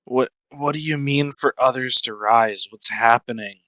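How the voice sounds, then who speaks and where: Bright-voiced male player, joking. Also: mid-range voice, normal speed, no echo, low-quality recording. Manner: joking, laughs easily. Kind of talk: casual in-character role-play.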